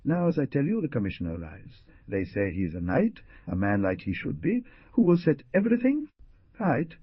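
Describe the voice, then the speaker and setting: A man's voice: medium pitch, wildly swooping pitch, brisk, husky, dry recording, highs cut off, pitched above the performer's own voice, heavily acted. A man voicing a gloomy, persistent old peasant woman in a storybook reading, pleading and gossipy in her talk.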